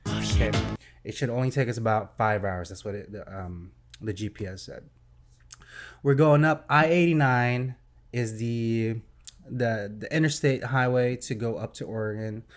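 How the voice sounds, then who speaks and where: A young man tells a story on a casual podcast, animated and excitable, throwing in sound effects as he goes. His voice sits at an ordinary middle pitch. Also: unhurried, soft background music. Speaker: podcast host.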